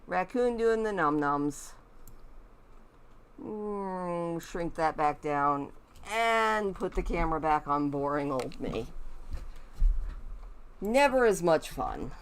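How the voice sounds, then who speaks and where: A woman's voice: on the low side, expressive, takes it slowly, long pauses, clean tone. A woman streaming a game from home, chatting and rambling casually to her viewers. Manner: chatty, rambling, talks to her pet raccoons in a cooing voice. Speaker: gaming streamer. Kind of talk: casual chat while streaming.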